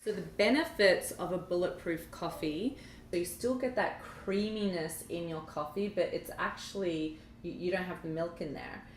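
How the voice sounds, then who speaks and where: Woman co-host, slightly low voice, lively storyteller, roomy recording with faint hiss. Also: moderate pace. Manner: animated, acts out quoted dialogue. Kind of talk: casual chat. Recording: echoey room, faint background noise.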